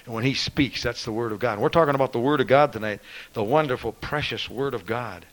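A man preaching a fervent sermon, reading scripture in a ringing voice and swinging between loud proclaiming and hushed asides. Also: mid-range voice, fast talker, rough recording.

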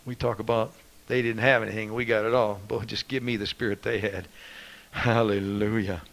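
A man preaching a fervent sermon, reading scripture in a ringing voice and swinging between loud proclaiming and hushed asides. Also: fairly low pitch, level tone, normal speed, gravelly, low-quality recording.

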